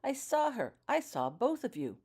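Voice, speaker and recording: An eager male wizard official, voiced by a woman reading a storybook, who prods for gossip behind a show of sympathy. He talks in a raised, animated tone in this fan fiction audiobook. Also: a little high, normal speed, husky, pitched above the performer's own voice, heavily acted. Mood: startled. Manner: prodding, falsely sympathetic.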